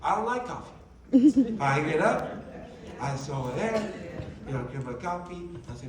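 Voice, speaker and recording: Male workshop presenter with a high voice, emphatic and chatty, recorded from a distance in an echoey meeting room. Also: expressive, moderate pace, over a noisy crowd, heavy background noise. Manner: conversational and emphatic, with many rhetorical questions. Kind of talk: motivational talk to a live group.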